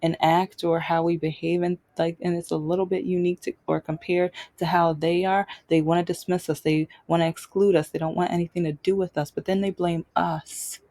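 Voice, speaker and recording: A woman's voice: lowish voice, level tone, brisk, hardly any pauses, warm tone. A young adult woman hosting her own show, telling a personal story off the cuff and repeating phrases for emphasis. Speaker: podcast host.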